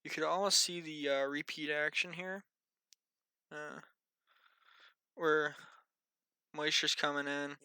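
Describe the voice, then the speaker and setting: A man's voice: on the high side, fairly even intonation, slow pace, pauses often, bright, forceful tone, clear, resonant tone, no echo. A tired, yawning man giving a casual, rambling weather briefing and muttering to himself as he thinks aloud. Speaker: amateur weather vlogger.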